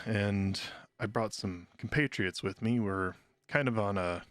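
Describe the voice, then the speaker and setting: A man playing a tabletop game, relaxed and joking. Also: fairly low pitch, unhurried, no echo. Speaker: player.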